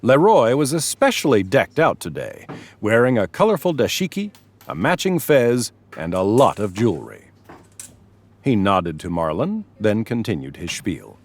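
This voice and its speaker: A man reading scripted narration for a story with expressive delivery. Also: lowish voice, moderate pace.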